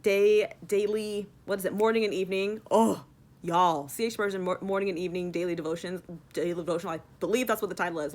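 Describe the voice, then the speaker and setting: A woman talking casually in a devotional vlog, rambling with many fillers and acting out her own complaints with sudden dramatic swings. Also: on the low side. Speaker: Christian vlogger. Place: in Texas.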